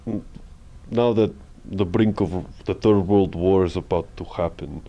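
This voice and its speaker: A man's voice: low-pitched, a little slow, dull audio. A man playing a boastful Russian strongman leader in an improv scene, with a put-on Russian accent, broken grammar and pompous threats. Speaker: improv player.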